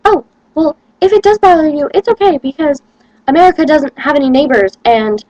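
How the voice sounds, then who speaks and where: A woman's voice: sits high, a little fast, a little mellow, dry recording, highs cut off, voice pushed up, natural voice. A young woman voicing a pushy, chattering female English teacher who repeats herself and talks on and on. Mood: insistent. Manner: insistent, repetitive, talks on and on.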